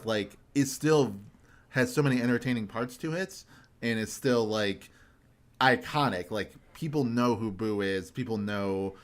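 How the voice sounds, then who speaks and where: A young man hosting a podcast in casual chat, ranting animatedly and swearing for emphasis. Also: mid-range voice. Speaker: podcast host.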